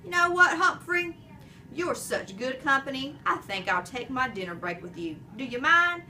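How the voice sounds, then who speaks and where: A woman voicing a jolly mustached male night janitor who booms, jokes and roars with laughter. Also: expressive, normal speed, pushed and bright, distant mic, a little hiss or hum, exaggerated voice. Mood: friendly. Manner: booming, jokey, big roaring laugh.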